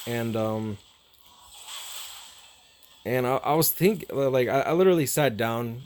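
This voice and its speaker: Young male streamer, mid pitch, rambling, emotional, curses casually, faint hiss behind. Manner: rambling, repeats himself, swears freely; emotional, halting. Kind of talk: casual storytelling to viewers.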